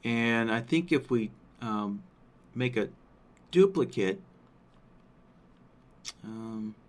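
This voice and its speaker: A man presenting a live software workshop, walking through settings on screen while thinking aloud and checking in with listeners. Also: mid-range voice, animated, drawn-out words. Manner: thinks aloud, frequent "right?" check-ins.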